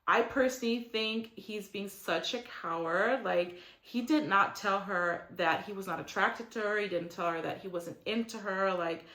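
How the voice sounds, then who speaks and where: A woman's voice: medium pitch, normal speed, few pauses, bright, forceful tone. Chatty opinionated young woman in an echoey room. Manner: chatty and opinionated, heavy use of "like", mocking quotes in character. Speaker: reality TV recap host. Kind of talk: casual recap commentary.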